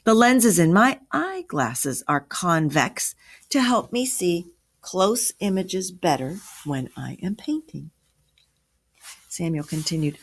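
A woman's voice: on the low side, slow, husky. Woman reading a story aloud to children. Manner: expressive, lively character voices.

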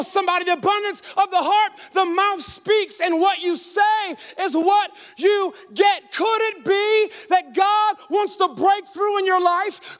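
A man in his forties preaching a sermon as pastor, shouting out lines and calling on the congregation to answer back. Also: very high voice, long reverb tail. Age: 40s. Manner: shouting, call-and-response preaching. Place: church sanctuary.

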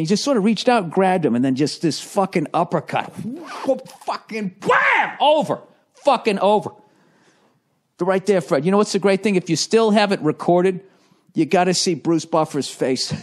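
Profane, rambling comedian with a slightly high voice. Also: male voice. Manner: profane, animated storytelling with many restarts. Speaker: comedian hosting a podcast. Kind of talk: casual rambling monologue.

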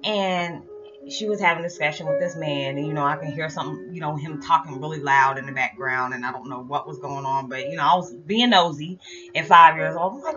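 Middle-aged woman, lowish voice, animated storyteller; dull lo-fi recording with music behind. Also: a little fast. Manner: animated, chatty, full of "you know" fillers. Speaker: storyteller vlogger. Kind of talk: casual personal storytelling.

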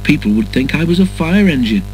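A man's voice: on the high side, lively intonation, a little fast, a little mellow, faint music behind, voice pushed up, natural voice, poor audio. A man voicing a touchy, impatient male steam engine with a huffy way of talking, in a storybook reading. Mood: content.

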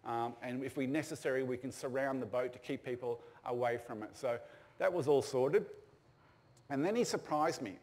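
A man's voice: medium pitch, normal speed, darkish tone. An older man, telling stories casually with fillers and restarts. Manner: casual anecdotal storytelling with fillers. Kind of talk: storytelling talk.

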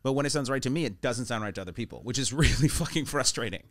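Animated laughing male podcast host. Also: mid-range voice, very fast. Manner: animated, laughing often, swearing. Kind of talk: casual chat. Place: podcast studio.

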